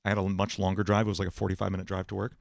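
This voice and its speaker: A man hosting a livestream Q&A about singing and voice, explaining in a relaxed way with many fillers. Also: deep voice, racing, vocal fry, no echo, clean studio sound. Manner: relaxed explaining, many fillers, breaks into sung and put-on voice demos. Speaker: music producer and livestream host.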